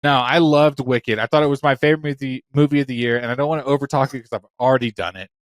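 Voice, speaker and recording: A man co-hosting a podcast in casual chat, animated and swearing, quick to play defensive. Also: medium pitch, no room sound. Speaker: podcast co-host.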